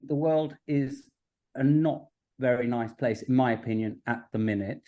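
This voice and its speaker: A man's voice: medium pitch, phone-quality sound. Chatty, laughing Englishman. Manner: chatty, quick to laugh, animated storytelling. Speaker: guest broadcaster. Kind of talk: casual chat.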